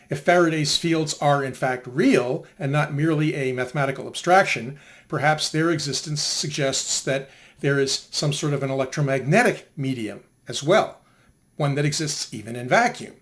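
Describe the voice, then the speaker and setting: An older man giving a conversational history of science lecture, asking rhetorical questions as he goes. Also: mid-range voice.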